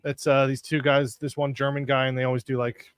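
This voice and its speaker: A man from Canada, co-hosting a casual podcast and telling stories in an animated way. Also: medium pitch, fairly quick, clean tone, dry recording, clean studio sound. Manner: animated storyteller, acts out quoted people. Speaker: podcast co-host. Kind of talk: casual chat.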